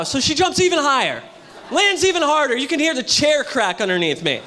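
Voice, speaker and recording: A man doing a loud, punchy stand-up comedy set on a hotel ballroom stage, with a live audience audible. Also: very high voice, sing-song, fast talker, a little hiss or hum. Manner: loud, punchy delivery to a crowd.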